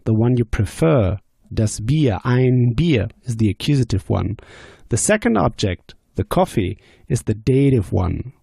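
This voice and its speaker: A man teaching German grammar on a podcast, slowly explaining and asking quiz questions. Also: mid-range voice, gravelly, mellow, breathy edge, dry recording, clean studio sound. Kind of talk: podcast language lesson.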